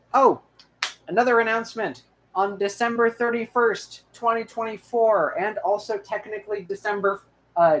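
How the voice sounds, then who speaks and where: High-voiced young man rambling casually. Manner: rambling, full of restarts and fillers. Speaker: channel host. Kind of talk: casual outro chat.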